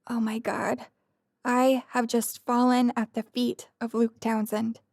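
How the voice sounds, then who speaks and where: Narrator lady doing a flustered young woman mocking herself, bit high voice, dry. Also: level tone, slow, vocal fry, darkish tone, no echo, exaggerated voice. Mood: mortified. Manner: mortified, self-deprecating inner voice.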